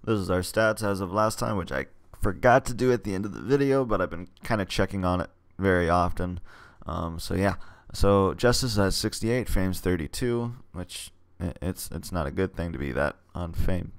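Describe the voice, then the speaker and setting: A man's voice: deep voice, normal speed, few pauses, no echo. A man playing through a text game, reading its story aloud with hesitant, rambling asides on his choices. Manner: rambling, hesitant asides between read passages. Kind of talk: casual let's play commentary and reading.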